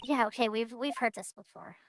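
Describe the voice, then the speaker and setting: A woman's voice: on the high side, fairly even intonation, brisk, background noise. A woman streamer chatting casually and self-mockingly while playing a game, with joking asides.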